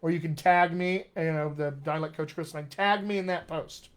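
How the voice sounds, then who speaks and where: A man's voice: a little high, steady tone, moderate pace, clean tone. A man hosting a live question-and-answer stream as a dialect coach, upbeat and encouraging as he answers viewers one by one. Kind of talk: casual live-stream chat.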